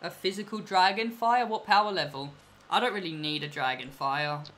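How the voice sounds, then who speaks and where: A young man playing an online game, casually talking to viewers and trading with another player, excitable and quick to protest when crossed. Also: sits high, a little hiss or hum. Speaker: gaming YouTuber. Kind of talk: casual gameplay commentary and trading.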